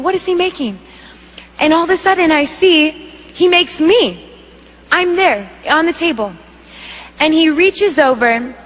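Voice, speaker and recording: Woman, high voice, animated testimony, long hall echo. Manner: vivid, animated storytelling. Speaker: speaker giving a testimony. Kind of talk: emotional spoken testimony. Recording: echoey hall reverb.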